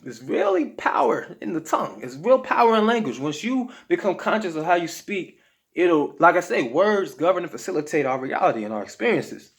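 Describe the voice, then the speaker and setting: A man's voice: sits high, very animated, a little fast, creaky. Emphatic slangy man giving diet tips. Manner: emphatic, slangy, repeats "okay?" to check in. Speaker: health vlogger. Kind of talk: casual motivational talk to camera.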